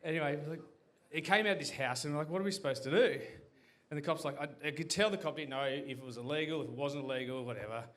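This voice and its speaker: A man's voice: a little high, fast talker, a bit bright. A man telling a rambling, sweary comic story to a live audience, saying "anyway" over and over and laughing as he goes. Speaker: guest telling a story on stage. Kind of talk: crowd-facing comic yarn.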